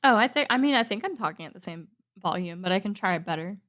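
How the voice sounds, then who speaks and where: A woman co-hosting a casual podcast who sounds sleepy, starting each sentence loud and letting it fade as she goes. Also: mid-range voice, expressive, fast. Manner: sleepy, trailing off at sentence ends. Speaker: podcast co-host. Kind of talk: casual chat.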